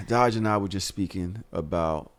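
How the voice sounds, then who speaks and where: A man's voice: fairly low pitch, very animated, unhurried, a little hiss or hum. A young man co-hosting a casual podcast, telling stories animatedly, acting out what partners say and laughing often. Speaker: podcast co-host.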